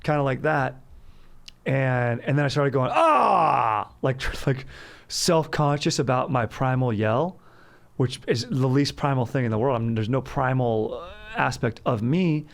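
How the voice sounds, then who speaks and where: A man hosting a casual comedy podcast, joking and reading ads in an animated, playful way. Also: medium pitch, normal speed. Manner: animated, jokey, swings into loud bits. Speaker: podcast host. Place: Los Angeles.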